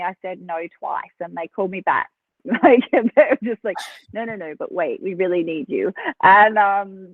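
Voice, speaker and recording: A woman with an Australian accent, a podcast guest telling stories in a chatty, animated way and laughing between phrases. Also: mid-range voice, dry recording. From South Australia. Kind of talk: casual interview storytelling. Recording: tinny phone line, dry.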